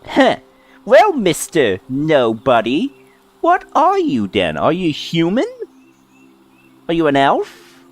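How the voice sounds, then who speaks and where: A tiny fairy child with a shrill, pouty voice that leaps very high and swings widely, bossy and nagging, as a man puts her on. The voice darts up and down in wild jumps. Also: wildly swooping pitch, slow, long pauses, heavily acted. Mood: scolding.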